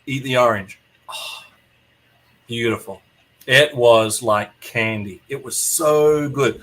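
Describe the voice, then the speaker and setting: A man hosting a podcast, telling an animated story in casual chat and acting out the people in it. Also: medium pitch, slow. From New Zealand. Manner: animated anecdote teller, acts out quotes, swears freely. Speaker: podcast host.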